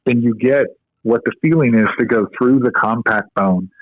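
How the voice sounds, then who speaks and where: A man on a podcast explains a practical medical technique step by step, dropping in ums and stories along the way. His voice sits at a middle pitch. The audio is narrow and tinny, like a phone call, and dry with no echo. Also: normal speed. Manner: instructive storyteller, explains step by step with fillers. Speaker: guest, co-inventor of a medical device. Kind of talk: podcast interview.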